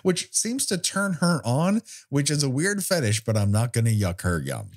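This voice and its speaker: A man co-hosts a loose movie-review chat with a wry, sarcastic edge and casual swearing. His pitch swings widely from line to line as he riffs on the film. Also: big pitch swings, moderate pace. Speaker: podcast co-host.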